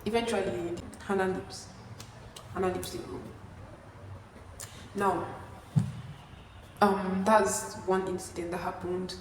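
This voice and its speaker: A young woman in her twenties with a Nigerian accent, telling a story in a chatty, animated way. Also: on the low side, slow, pauses often, distant mic, slight background noise. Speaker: vlogger. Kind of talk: casual storytime. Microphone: camera mic from a distance. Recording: echoey room, no microphone.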